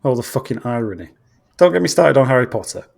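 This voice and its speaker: A man's voice: mid-range voice, sing-song, fast talker, creaky, darkish tone. A man with a British accent, originally from Australia, ranting bluntly and swearing constantly as a guest football fan on a casual podcast. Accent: British English.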